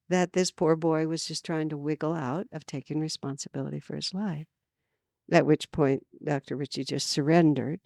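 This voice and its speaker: A woman from California giving an earnest spiritual talk at a retreat, telling stories with lively emphasis. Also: lowish voice, creaky, dry recording, studio quality. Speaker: spiritual teacher. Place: retreat gathering.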